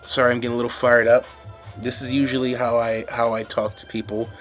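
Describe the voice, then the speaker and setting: A man's voice: mid-range voice, flat delivery, brisk. Man, phone-recorded rant, rambling, swears, restarts a lot, faint music behind. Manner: rambling, restarts often, swears, gets fired up. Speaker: vlogger. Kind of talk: casual ranting monologue. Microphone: phone camera.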